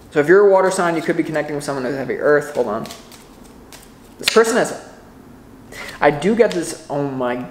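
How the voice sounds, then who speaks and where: Excitable man giving a rambling tarot reading. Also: on the high side, normal speed, long pauses, echoey room, slight background noise. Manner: rambling, excitable, self-interrupting. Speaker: tarot reader. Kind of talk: casual tarot reading to camera.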